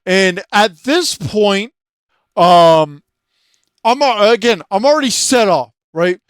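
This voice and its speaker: Guy with a high voice ranting about a game, swears a lot, rambles, dry close sound. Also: expressive, takes it slowly, smooth, dry recording. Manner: profane, rambling, leans on filler words and tag questions; keeps his voice down late at night. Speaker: channel host. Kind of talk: ranting video-game commentary.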